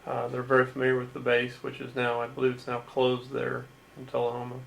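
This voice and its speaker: A man interviews his veteran father for a home video, asking slow, guiding questions. His voice is gravelly and fairly monotone, and faint background noise sits under the recording. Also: mid-range voice, poor audio.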